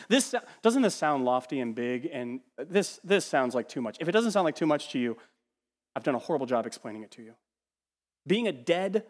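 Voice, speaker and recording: Animated preacher man in a reverberant church. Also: on the high side. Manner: animated, acts out quoted voices, swings from loud to hushed. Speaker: pastor. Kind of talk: sermon. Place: church sanctuary.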